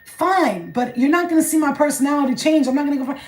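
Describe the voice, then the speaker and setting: A woman with a New York accent, a spiritual channeler giving a blunt, profane, animated vlog message. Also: high voice, fast talker, roomy sound, low-quality recording.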